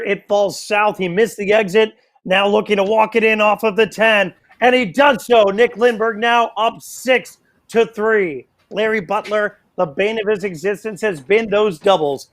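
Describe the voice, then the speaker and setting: Male darts play-by-play caller, slightly raised pitch, excitable, jokey, self-deprecating. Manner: excitable, playful, self-mocking asides. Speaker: darts commentator. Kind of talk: live sports play-by-play commentary.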